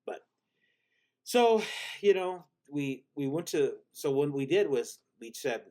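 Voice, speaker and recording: A man hosting a vlog, telling a rambling story with many restarts and deadpan self-mocking humor. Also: on the high side, slow. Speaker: channel host.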